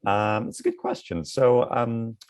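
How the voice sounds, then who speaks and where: A man's voice: mid-range voice, wildly swooping pitch, a little slow, a little mellow, dry recording. A man in his thirties, a comedy writer, answering interview questions in a rambling way full of fillers.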